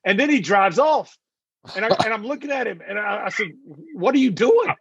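A man's voice: high-pitched, a little fast, slightly rough, no room sound, dull audio. A man telling a funny road story as a radio show guest, acting out each quoted line. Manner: animated, acts out the quoted lines. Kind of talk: casual anecdote on a radio talk show.

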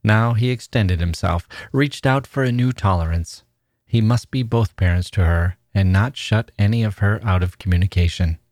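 Podcast host as narrator: man, low voice, measured literary reading, dry sound. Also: darkish tone, no echo.

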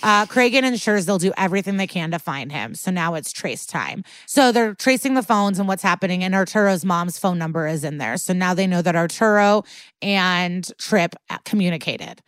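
A woman's voice: on the low side, expressive, normal speed, fairly bright tone, no room sound. A woman co-hosting a podcast, casually recapping an episode in a chatty, profane way. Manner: chatty, profane, acts out quotes. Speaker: podcast co-host.

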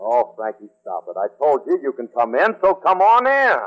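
A breezy bumbling husband. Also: male voice, mid-range voice, wildly swooping pitch, moderate pace, a bit bright, rough recording. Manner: breezy, bluffing banter. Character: breezy bumbling husband, middle-aged man. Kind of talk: 1940s radio sitcom acting. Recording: hissy old radio recording.

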